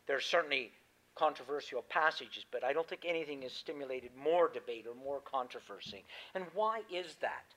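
A man's voice: mid-range voice, animated, a little fast, sharp tone, low-quality recording. A man preaching a sermon, chatting easily with his congregation, then reading scripture aloud with rising emphasis. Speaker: pastor.

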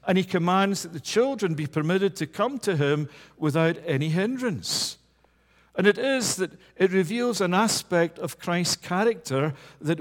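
Impassioned preacher in a reverberant hall. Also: male voice. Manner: impassioned, swinging between loud emphasis and low hushed passages. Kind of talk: sermon. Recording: long reverb of a large hall.

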